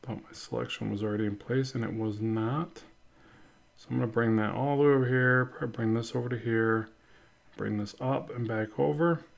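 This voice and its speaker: Man, art instructor, relaxed drawing tutorial, talks while he works, self-correcting, conversational. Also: medium pitch, a little fast, gravelly. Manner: thinks aloud, self-correcting and chatty. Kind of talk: casual drawing tutorial narration.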